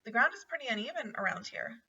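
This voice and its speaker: A careful, doubting young boy in a storybook, skeptical and wondering, in a bright, slightly raised voice, as a woman reads his lines. The recording sounds dull and somewhat far off. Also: on the high side, big pitch swings, fast talker, gravelly, husky, exaggerated voice. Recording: dull, distant home recording.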